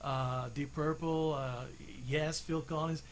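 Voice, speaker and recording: A high-voiced bilingual guy co-hosts a music talk show, chatting casually and switching between English and Spanish. He's enthusiastic and laid-back, speaking slowly in a steady tone with slight background noise.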